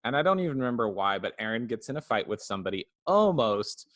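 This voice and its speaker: A man's voice: medium pitch, big pitch swings, quick pace, fairly bright tone, no room sound. A man co-hosting a casual podcast, animatedly retelling scenes and acting out characters' lines. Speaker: podcast co-host. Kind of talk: casual podcast review chat.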